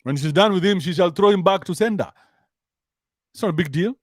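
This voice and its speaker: Kenyan man, comic commentary rant, crude and mocking, raised pitch. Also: brisk, dry recording, studio quality. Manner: crude, mocking, code-switching between English and Sheng. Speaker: commentary show host.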